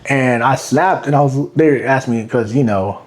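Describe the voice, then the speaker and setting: A man's voice: mid-range voice, normal speed. A man in his thirties, a bodybuilder and coach, chatting casually on a podcast and acting out what his clients say. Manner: animated storyteller, acts out voices of clients.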